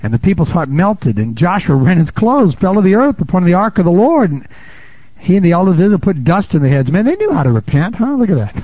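A man preaching a sermon in a lively, conversational way, laughing and calling out "amen?" to the congregation, on a dull, lo-fi recording. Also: high-pitched, fast, slightly rough, no echo. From United States. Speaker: pastor.

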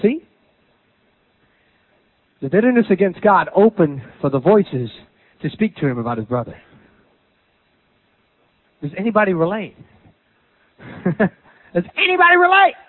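A man preaching a sermon, dramatic, swinging from loud bursts to low asides. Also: animated, a little slow, pauses often, dry recording. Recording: tinny phone-like sound.

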